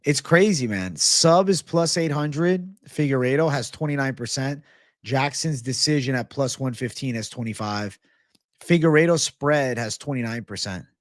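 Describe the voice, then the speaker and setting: A man's voice: mid-range voice, moderate pace, dry recording, studio quality. A man hosting a live sports betting show, chatting casually and swearing freely while he talks straight to his live chat. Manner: laid-back, slangy, swears freely.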